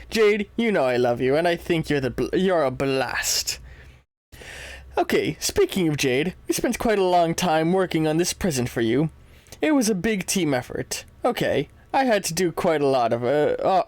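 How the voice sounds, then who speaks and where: A man's voice: fairly high pitch, darkish tone, no echo. A man voicing a posh, jovial young adventurer in a put-on British accent, reading comic dialogue aloud in a hearty, chummy way and sometimes stumbling over the lines.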